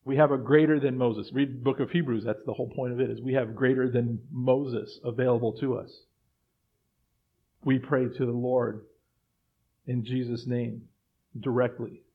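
A man preaching a sermon as pastor, moving between quiet reflective passages and loud acted-out voices of doubters. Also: medium pitch, fairly even intonation, moderate pace, breathy edge, narrow, tinny audio.

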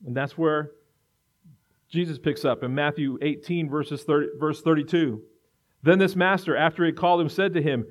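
A man's voice: on the high side, moderate pace. A man preaching a sermon in an earnest way, building to emphatic repetition. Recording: dull lo-fi recording.

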